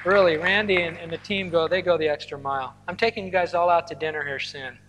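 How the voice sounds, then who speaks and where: A man preaching a sermon from the pulpit, telling stories with lively asides and the occasional laugh. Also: a little high, quick pace, slight background noise. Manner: storytelling, animated asides with laughter. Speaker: pastor. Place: large hall or church auditorium. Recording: long hall reverb.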